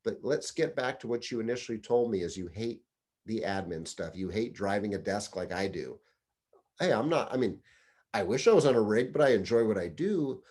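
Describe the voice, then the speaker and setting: A man's voice: fairly low pitch, lively intonation, normal speed, darkish tone. A middle-aged man, a deputy fire chief, giving career advice in a conversational, storytelling way. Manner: conversational storyteller, acts out quoted dialogue. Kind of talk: casual advice talk.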